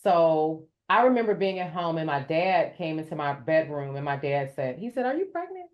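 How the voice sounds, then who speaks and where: A woman who is a podcast guest, telling her story in an animated way and raising her voice to act out what others said. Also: low voice, normal speed, lo-fi sound. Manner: addresses listeners as "y'all". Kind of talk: storytelling in an interview.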